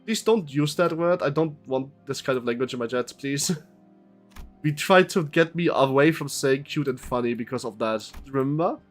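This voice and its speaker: A man's voice: medium pitch, normal speed, soft background music. A young man streaming a game, chatting to his viewers in a rambling, joking way and reading the game's text aloud. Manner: rambling, chatty, thanks chat members, swears.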